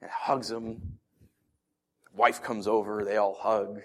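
A man's voice: lowish voice, slow pace. A man preaching a conversational sermon, telling stories and asking his listeners rhetorical questions. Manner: animated storytelling with rhetorical questions. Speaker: pastor.

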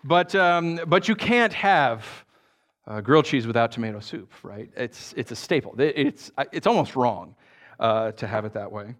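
A man's voice: mid-range voice, normal speed. A man preaching a sermon as pastor, telling jokey stories and asking the congregation questions. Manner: animated, joking storyteller who asks the congregation questions. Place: church.

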